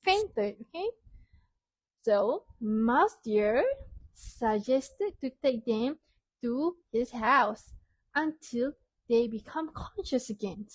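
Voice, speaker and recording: A woman teacher telling a story to young children, asking questions and praising answers clearly. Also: on the high side, animated, slow, no room sound.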